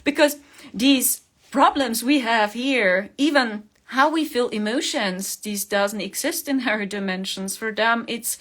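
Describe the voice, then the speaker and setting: Woman, fairly high voice, earnest coaxing spiritual talk, laughs often. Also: measured pace, fairly bright tone. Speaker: spiritual livestream host.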